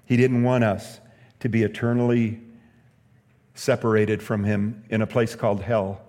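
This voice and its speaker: A man's voice: mid-range voice, a little mellow, big-room sound. A male pastor preaching a sermon, telling a story earnestly and hammering points home with repeated phrases.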